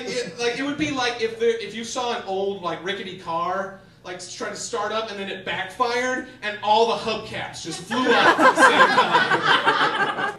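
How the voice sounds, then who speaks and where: A young man doing stand-up comedy, telling animated stories with sudden shouted bits on a theater stage. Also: sits high, noisy background. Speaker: stand-up comic. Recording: echoey theater from a distance.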